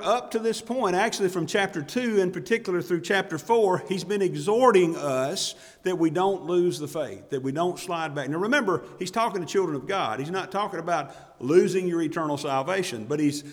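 A man's voice: on the high side, big-room sound. A male pastor preaching a sermon emphatically, repeating key words for stress.

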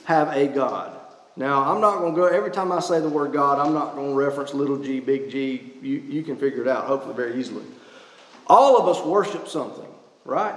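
A man's voice: fairly high pitch, fairly quick. A man preaching a sermon, emphatic and full of rhetorical questions, recorded in a church. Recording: echoey church hall.

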